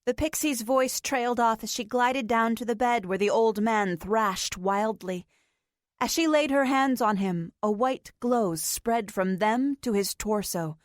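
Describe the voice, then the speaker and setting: A woman narrates an audiobook in a measured, unhurried way. Her voice sits fairly high and comes across dry and close, with no room sound. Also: dry recording. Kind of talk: scripted narration.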